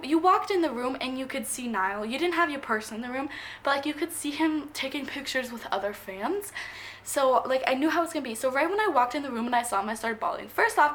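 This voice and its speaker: A young woman speaks in a high voice, gushing as she tells a story to her camera. Her telling rambles and jumps quickly from one thought to the next. A faint noise hums behind her. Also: a bit bright. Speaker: vlogger.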